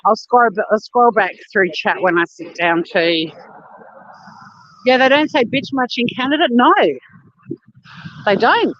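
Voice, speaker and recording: An Australian woman chatting casually on a live stream while walking on a beach, blunt and quick to swear and laugh. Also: fairly high pitch, a bit bright, dry recording, muffled recording. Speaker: vlogger. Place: outdoors on a beach.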